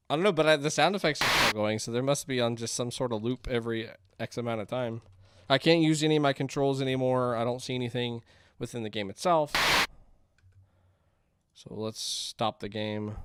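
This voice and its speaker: A man playing indie games and thinking aloud, chatty and quick to get excited. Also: mid-range voice, background noise. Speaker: gaming YouTuber. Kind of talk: let's play commentary.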